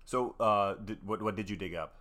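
A man's voice: on the low side, moderate pace, fairly bright tone. A man co-hosting a casual podcast, playful and full of jokey asides. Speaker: podcast co-host. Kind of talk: casual chat.

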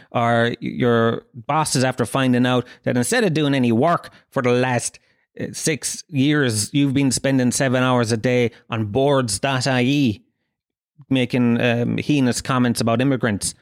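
A young Irish man rattles through a comic podcast monologue, swearing freely and wandering from joke to joke. His voice sits at an ordinary middle pitch, recorded close and dry with no room sound. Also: dry recording. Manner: rambling, profane, jokey storytelling. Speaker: podcast host.

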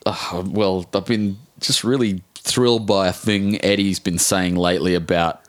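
An Australian man in his forties, an author telling a rambling, animated story in a casual interview, swearing casually and restarting his sentences often. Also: deep voice, unhurried. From Brisbane, Australia. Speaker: author guest.

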